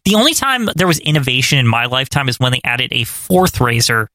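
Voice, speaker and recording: A man's voice: medium pitch, very animated, brisk, bright, forceful tone, no echo. A man co-hosting a casual podcast, giving blunt, profane opinions about old wrestling. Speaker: podcast co-host. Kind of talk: casual wrestling recap chat.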